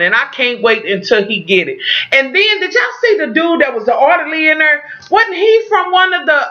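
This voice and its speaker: A woman's voice: on the high side, pushed and bright, highs cut off. A woman recapping a TV episode for her viewers, dramatic and profane, talking straight to the camera. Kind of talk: animated casual recap.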